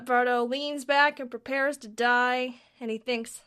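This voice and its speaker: A woman's voice: a little high, steady tone, normal speed, hardly any pauses, sharp tone, clean tone. A woman co-hosting a podcast, casually recapping a comic chapter. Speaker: podcast co-host.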